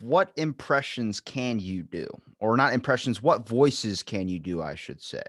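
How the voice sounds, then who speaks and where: A man's voice: fairly low pitch, lively intonation, unhurried, a bit bright. A man hosting a podcast, easygoing and chatting casually in brief replies. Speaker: podcast host.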